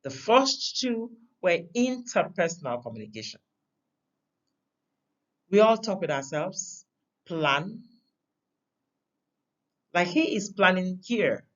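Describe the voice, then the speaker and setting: Teaching a recorded communication lesson, a woman speaks slowly in a sing-song way and pauses often, while the audio sounds dull. She lands emphasis through sharp changes in pitch and loudness.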